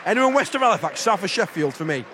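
A man's voice: high voice, sing-song, quick pace. A man, joking and teasing his friend while watching a football match outdoors. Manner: playful, teasing, shouts at players. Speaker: football fan co-commentator. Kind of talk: casual banter at a live match. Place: outdoor football stadium stands. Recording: crowd and outdoor noise. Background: crowd noise.

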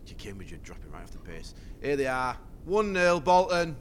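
A middle-aged man co-hosting a football podcast from home, excitable and often cutting in with reactions to the scores. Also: mid-range voice, moderate pace. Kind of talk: casual podcast chat. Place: at home with children around.

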